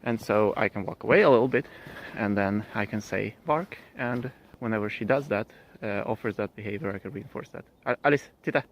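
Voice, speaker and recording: A man's voice: lowish voice, steady tone, a little fast, lo-fi sound. Man explaining dog training. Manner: loose, thinking aloud with many fillers and restarts. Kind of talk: casual hands-on training explanation.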